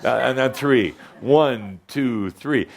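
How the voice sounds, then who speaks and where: A man's voice: mid-range voice, slow pace, vocal fry. A man giving a channeled spiritual talk to a live audience, playful and blunt in a teasing way.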